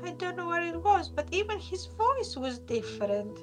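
A woman's voice: very high-pitched, big pitch swings, normal speed, music in the background. A woman voicing a young female vampire who pretends to be a helpless child, stammering her pleas. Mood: pleading.

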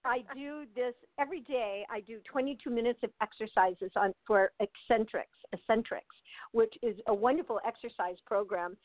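An older woman from the United States, her voice fairly high and her pace moderate, talks as an interview guest over a tinny phone. The recording is dry and close, and her casual, meandering chat is full of laughter, fillers, and false starts.

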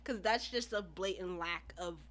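A woman's voice: lowish voice, normal speed, fairly bright tone. A woman in a casual podcast chat who speaks bluntly and swears freely. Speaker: podcast co-host.

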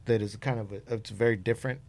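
Man, fifties, gravelly, podcast host, casual storytelling, swears a lot. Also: lowish voice, quick pace. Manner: animated storyteller, swears freely. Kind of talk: casual chat.

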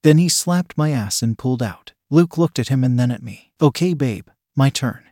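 Guy reading a story out loud, steady and unhurried, dry close sound. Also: mid-range voice, no echo. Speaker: story reader. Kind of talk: reading an adult story aloud.

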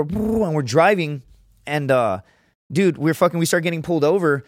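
A man's voice: fairly high pitch, animated, fairly quick, no room sound, studio quality. A young man from Laredo, Texas, telling a story as a podcast guest in a rambling, swearing, casual way. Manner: rambling, heavy swearing, frequent "right?" and "dude".

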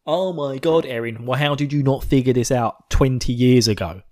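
Male podcast host, mid-pitched, giggly, rambling and profane, over-caffeinated. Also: normal speed, warm tone. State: buzzing on coffee. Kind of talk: casual episode recap.

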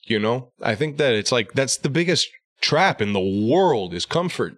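A man telling a story in casual podcast chat, animated and profane, acting out what his family said. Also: mid-range voice, moderate pace, no room sound, studio quality. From New York area. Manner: animated, swearing, acts out quoted family voices. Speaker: podcast guest.

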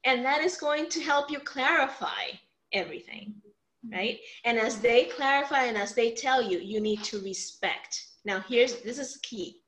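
A woman's voice: on the high side, unhurried, poor audio. A woman teaching a workshop on family communication, acting out example lines and checking in with "right?" often. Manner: animated, acts out example lines, frequent "right?" check-ins. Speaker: communication coach.

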